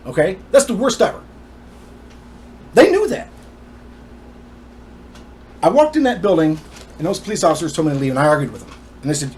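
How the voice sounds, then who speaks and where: Man, indignant personal storytelling, animated, somewhat high voice. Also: fast talker, pauses often, a little hiss or hum. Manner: emphatic, indignant.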